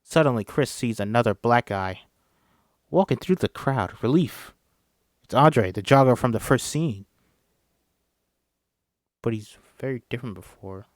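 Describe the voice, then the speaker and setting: Man reading a screenplay, flat dry voice. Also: mid-range voice, unhurried, pauses often, dry recording. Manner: reads all parts himself, stumbling at times. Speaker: script reader. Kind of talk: solo script read-through.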